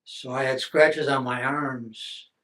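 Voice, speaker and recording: A man's voice: medium pitch, fairly even intonation, slow pace, a bit bright. An older man from the United States, a veteran telling his story in an oral history interview, rambling with many restarts and fillers.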